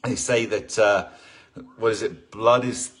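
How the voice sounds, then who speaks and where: A man's voice: fairly low pitch, fairly even intonation, a little slow, a bit bright. A man teaching a live online exercise class, chatting in an upbeat, rambling way and greeting people by name over a video call. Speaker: fitness instructor.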